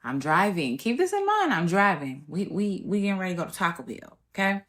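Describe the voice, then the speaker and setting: A woman's voice: on the low side, sing-song, normal speed, a bit bright. Candid woman telling a family story. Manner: casual, colloquial, candid and emotional. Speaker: podcast host. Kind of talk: personal storytelling monologue.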